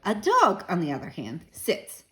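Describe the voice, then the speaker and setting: A woman reading a children's book aloud, gentle and chatty with young listeners. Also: lowish voice, wildly swooping pitch, moderate pace. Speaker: children's story reader.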